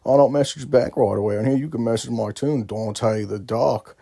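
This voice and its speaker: A man's voice: medium pitch, moderate pace, vocal fry, warm tone, no echo, studio quality. A man putting on an English accent to read out a gamer's plea to buy an in-game item. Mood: pleading. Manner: put-on English accent, dramatic reading. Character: pleading male gamer asking to buy an item.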